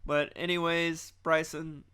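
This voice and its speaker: Young male podcast host, loose rambling storyteller, a touch high-pitched. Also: level tone, measured pace, a crowd in the background. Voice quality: rambling storyteller, lots of restarts. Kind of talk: casual chat.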